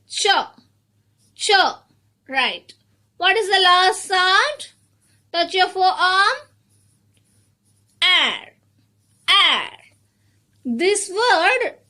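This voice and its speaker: A woman teaching an online phonics class to young children, sounding words out slowly, repeating each one and calling the children "my dear children". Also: very high-pitched. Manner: addresses children warmly as "my dear children".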